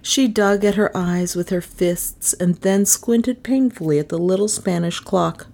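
A woman narrating a novel in an expressive, animated storybook reading. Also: mid-range voice, a little slow, creaky, hardly any pauses. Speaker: audiobook narrator.

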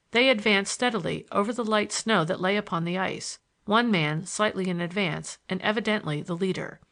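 A woman reading a novel aloud as an audiobook narrator, in an even, measured way. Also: lowish voice.

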